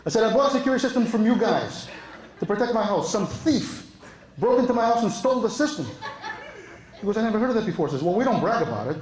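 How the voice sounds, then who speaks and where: Telling true stories chattily onstage at a live club show, a stand-up comedian from Europe laughs at his own lines and quotes people in a raised voice. His high-pitched, sing-song voice moves fast against background noise in the echoey room.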